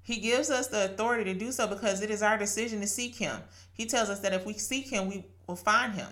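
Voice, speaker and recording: Bright-voiced woman giving a chatty devotional. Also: medium pitch, quick pace. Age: late 30s to 40s. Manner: earnest and chatty, laughs often, quotes scripture. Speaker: podcast host. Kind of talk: casual devotional talk.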